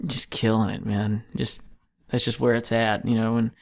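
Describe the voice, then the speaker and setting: A man's voice: lowish voice, little pitch movement, moderate pace, gravelly. A man, a touring guitarist, chatting casually as a podcast guest in a home basement, easygoing and rambling, full of "you know" and "man". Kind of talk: casual chat.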